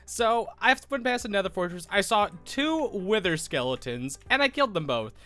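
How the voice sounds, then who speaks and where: A man's voice: high-pitched, big pitch swings, moderate pace, sharp tone, soft background music. A young American man with a cold, stuffy and sniffling, rambling through casual gameplay commentary as a Minecraft YouTuber. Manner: rambling, self-correcting, sniffling.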